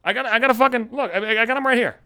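A man's voice: very high-pitched, racing, background noise. A man in his thirties hosting a solo podcast, ranting bitterly and swearing constantly in a sardonic way. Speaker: podcast host. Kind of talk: profane solo podcast rant.

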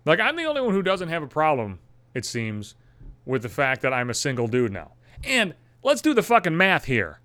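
A man's voice: a little high, huge pitch swings, normal speed, fairly bright tone, no echo. A man in his thirties from the Buffalo area hosting a podcast, ranting in a profane, exasperated and sarcastic casual monologue. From Buffalo area, USA. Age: 30s. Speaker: podcast host.

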